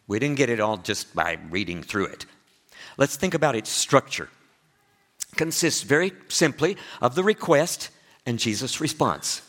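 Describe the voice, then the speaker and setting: A man with an East Texas accent preaching a sermon as pastor, chatty and full of questions to his listeners, with big swings in pitch and loudness for emphasis. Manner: conversational, asks the listeners frequent questions.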